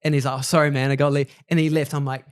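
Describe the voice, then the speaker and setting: A man who is a guest on a podcast, telling a story in a lively, casual way and calling people "bro". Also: mid-range voice, very fast, clear, resonant tone. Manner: excitable, calls people "bro".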